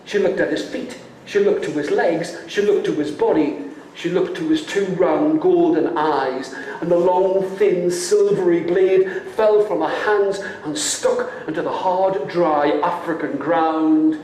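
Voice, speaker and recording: A theatrical male storyteller from the United Kingdom, slow and deliberate, coaxing young listeners to join in. His voice sits fairly high and rings around a very echoey hall with a faint hiss behind it. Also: a little mellow. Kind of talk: live storytelling to a young audience. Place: large hall before an audience.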